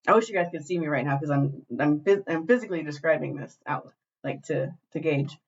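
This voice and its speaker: A woman co-hosting a podcast, retelling a show in animated, profane casual chat. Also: low voice, brisk. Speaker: podcast co-host. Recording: dull lo-fi glitchy recording.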